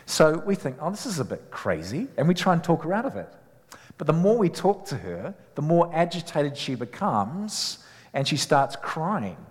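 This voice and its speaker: A man's voice: a little high, very animated, moderate pace. A man, a chaplain preaching a sermon in a conversational way, telling personal stories with frequent fillers and restarts. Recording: long reverb of a large hall.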